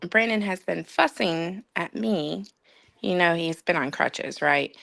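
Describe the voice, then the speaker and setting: Bright-voiced woman telling a story. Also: on the low side, creaky, dry recording. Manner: animated, laughing while telling a story. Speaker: podcast co-host. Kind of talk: casual storytelling.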